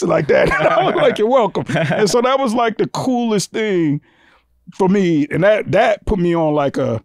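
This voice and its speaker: Man, podcast guest, storyteller, swings his pitch all over, acts out every voice, curses a lot. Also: fairly quick, no room sound, clean studio sound. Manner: animated, acts out quoted voices with big pitch jumps, swears freely. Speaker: guest comedian telling a story.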